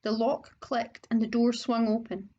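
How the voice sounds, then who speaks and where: Woman narrating a storybook, a little high. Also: a little slow. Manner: steady reading, occasional word slips. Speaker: audiobook reader. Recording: dull lo-fi recording.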